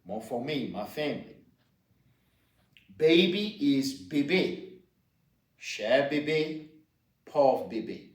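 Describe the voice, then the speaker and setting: A man's voice: mid-range voice, lively intonation, slow, long pauses. A man with a Louisiana accent teaching Cajun French vocabulary, patiently repeating each word. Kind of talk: slow spoken language lesson. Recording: roomy echo, distant mic.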